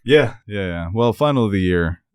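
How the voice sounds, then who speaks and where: A man's voice: lowish voice, expressive, moderate pace, smooth, no echo, clean studio sound. A man hosting a podcast, joking and teasing his co-hosts in casual chat. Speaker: podcast host.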